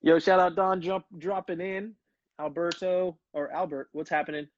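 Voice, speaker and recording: A man in his thirties, a former pro player, spins stories for his livestream viewers in an easygoing, chatty way. His voice sits a little high and comes through dry and slightly muffled. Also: fairly even intonation, moderate pace, dry recording. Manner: laid-back storytelling, calls people brother. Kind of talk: casual livestream chat.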